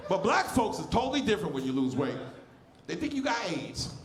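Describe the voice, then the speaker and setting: High-voiced lisping comedian in his forties. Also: big pitch swings, fairly quick, echoey room, background noise. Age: 40s. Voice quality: lisp. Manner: loud, crude, often shouting at the crowd. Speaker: stand-up comedian. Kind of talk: stand-up comedy set. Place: comedy club stage.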